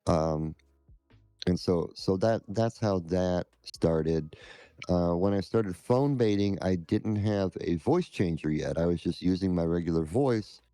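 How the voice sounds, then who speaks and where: Low, mellow, unhurried man. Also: no room sound, faint music behind. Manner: halting, measured. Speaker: scam-baiting streamer, guest. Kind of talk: interview answers.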